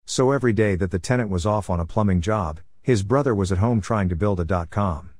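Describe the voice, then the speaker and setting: A man with a low voice recounts an old episode from his life in a calm, matter-of-fact storytelling manner. The sound is dry and close, with no room around it. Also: brisk, no echo. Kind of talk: first-person storytime narration.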